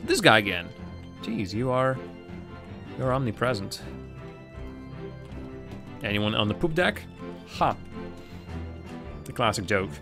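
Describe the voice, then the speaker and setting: A man's voice: medium pitch, lively intonation, takes it slowly, long pauses, music in the background. A man streaming a game live, chatting casually with viewers and thinking aloud as he plays. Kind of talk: live gameplay commentary.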